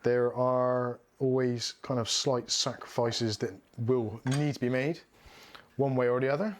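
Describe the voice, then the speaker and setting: A man talks casually and frankly as he works through a livestream. His voice sits at an ordinary middle pitch, with a faint hiss of noise under it. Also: fairly even intonation, a little slow. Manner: frank, chatty, laughs often. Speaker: streamer building a PC.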